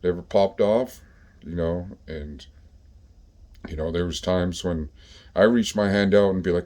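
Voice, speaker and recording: Deep, dark-toned man telling street stories. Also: unhurried, long pauses. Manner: profane, laid-back street talk with many fillers. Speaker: storyteller recounting his own past. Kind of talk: casual storytelling.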